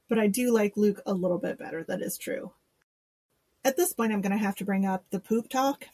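A woman's voice: mid-range voice, moderate pace, long pauses, darkish tone, slightly rough, no room sound. A woman co-hosting a podcast, chatting casually and sarcastically, laughing and quoting people in mock voices. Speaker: podcast co-host. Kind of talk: casual chat.

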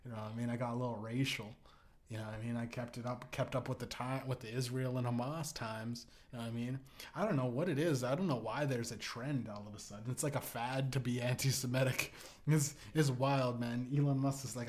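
A man's voice: medium pitch, fairly even intonation, fairly quick, darkish tone. Rambling, profane male podcast host. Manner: rambling, profane, provocative, many restarts. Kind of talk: rambling comedic podcast monologue.

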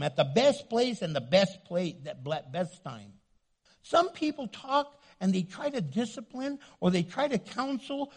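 A man with a fairly high, husky voice delivers a sermon. He preaches in a lively way, swinging from loud to hushed and acting out the people he quotes. His pitch moves all over. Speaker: pastor.

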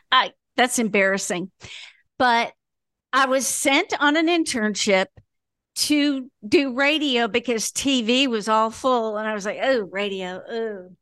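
A middle-aged woman from Indiana, a radio broadcaster, telling an animated, self-mocking story in an interview with bursts of laughter. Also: a little high, no echo, studio quality. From Indiana, USA.

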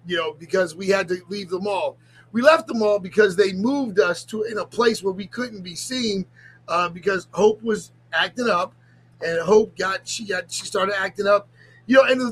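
Middle-aged ministry leader, confessional vlog, halting and near tears, speaks high. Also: male voice, fairly bright tone, low-quality recording. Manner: halting, repeats himself, restarts sentences. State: on the verge of tears.

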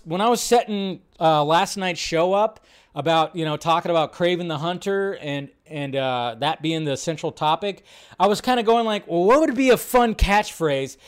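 A man with a somewhat high voice hosts a casual live stream into a desk mic. He rambles, curses freely and laughs often as he reacts to chat.

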